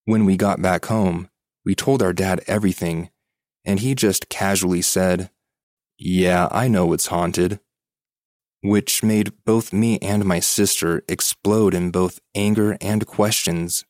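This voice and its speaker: Low-voiced man narrating a ghost story. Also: fairly even intonation, a little slow, darkish tone, no room sound, clean studio sound. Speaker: podcast host reading listener stories. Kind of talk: scripted horror story narration.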